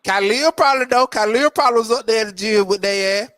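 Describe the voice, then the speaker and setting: A man's voice: high-pitched, quick pace, fairly bright tone, no room sound. A man hosting a podcast in casual, profane, laughing banter. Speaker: podcast host. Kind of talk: casual chat.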